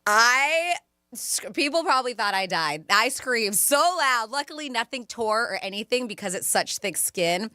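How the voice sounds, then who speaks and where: A woman co-hosting a radio talk show, telling stories in an animated, chatty way. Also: fairly high pitch, moderate pace, hardly any pauses, dry recording, studio quality. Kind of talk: casual radio chat.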